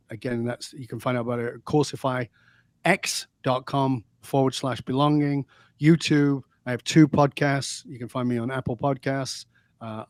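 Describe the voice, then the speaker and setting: A man's voice: mid-range voice, darkish tone, no echo. Emphatic man with a dry sound. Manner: emphatic, preachy storytelling. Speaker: guest. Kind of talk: interview conversation.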